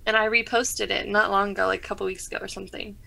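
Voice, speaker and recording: A woman's voice: medium pitch, level tone, very fast, gravelly, sharp tone. A young woman co-hosting a podcast, chatting casually and rambling with many fillers. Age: young adult. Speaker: podcast co-host. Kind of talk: casual chat.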